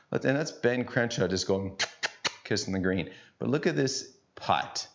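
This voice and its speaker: A man's voice: fairly low pitch, moderate pace. A middle-aged man teaching golf, chatty and folksy with joking asides. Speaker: golf instructor. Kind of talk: on-course instruction. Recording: dull lo-fi sound.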